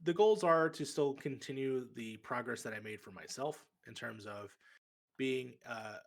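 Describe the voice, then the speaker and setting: Male guest, gravelly, rambling casual chat. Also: mid-range voice, unhurried. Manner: rambling, self-correcting. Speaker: podcast guest.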